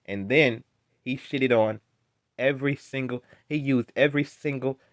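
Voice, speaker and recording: A man's voice: medium pitch, fairly even intonation, normal speed, no room sound. A man ranting at a clip in a casual reaction video, exasperated and heckling, often stammering as he jumps in. His voice sits mid-range and sounds close and dry.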